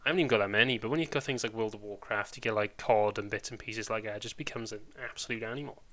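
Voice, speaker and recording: A man's voice: on the low side, racing, fairly bright tone. A man with a Welsh accent, chatting casually and rambling on a live stream, full of British slang.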